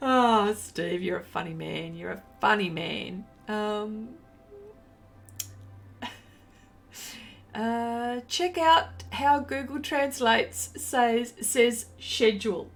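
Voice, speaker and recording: A woman's voice: on the high side, extremely slow, vocal fry, pauses often, a bit bright, soft background music. An Australian woman hosting a casual art live stream. She chats with viewers, reads their comments aloud and laughs often. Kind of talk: casual live-stream chat while painting.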